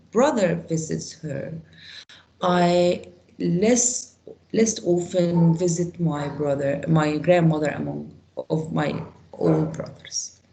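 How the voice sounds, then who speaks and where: A woman teaches an English grammar lesson, working through example sentences slowly. Her voice is low, dark and gravelly, and it swings widely in pitch as she quizzes her students. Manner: slow, example-driven explaining, quick questions to students. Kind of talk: online class teaching.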